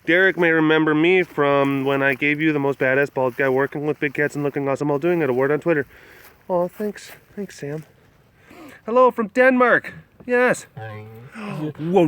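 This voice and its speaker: A young man from southwest Wisconsin hosting a casual livestream outdoors at an animal compound, joking and reading viewer comments with loud hype and low mumbles. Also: slight background noise. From southwest Wisconsin, USA. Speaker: livestream host at a big cat facility.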